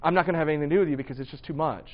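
A man's voice: fairly high pitch, racing, highs cut off. A man preaching in a church, casual and self-deprecating, talking to his congregation. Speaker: pastor. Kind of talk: sermon. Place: church hall.

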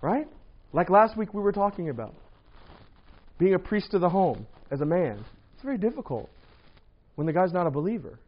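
A man preaching a casual, lively sermon to a congregation, often asking "right?" and acting out what people say. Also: high-pitched, moderate pace, pauses often. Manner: lively, rhetorical, acts out quoted voices. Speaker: pastor. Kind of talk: sermon on dating and marriage. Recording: dull lo-fi recording.

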